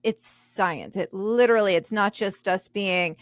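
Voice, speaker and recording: A woman's voice: mid-range voice, a little slow, no room sound. A woman co-hosting a podcast, chatting casually in a bubbly way and laughing often. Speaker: podcast co-host. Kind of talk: casual chat.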